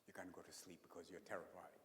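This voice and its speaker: A man preaching a sermon as a priest, expressive, sometimes dropping to a whisper when he speaks prayers. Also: deep voice, fast, slight background noise. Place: church sanctuary. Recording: echoey church hall.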